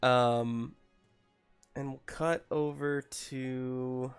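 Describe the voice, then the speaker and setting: A man's voice: medium pitch, steady tone, drawn-out words, clear, resonant tone, faint music behind. A man narrating a tabletop game as game master, hesitant and chuckling often. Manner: hesitant, filler-heavy, chuckling.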